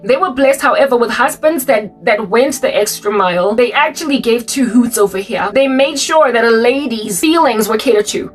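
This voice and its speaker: A woman's voice: fairly high pitch, moderate pace, hardly any pauses, far from the mic, faint music behind. A woman preaching an informal sermon, rambling and impassioned, sometimes acting out quotes. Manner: rambling, impassioned, breaks into song and acted quotes. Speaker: online preacher. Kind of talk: informal spoken sermon monologue.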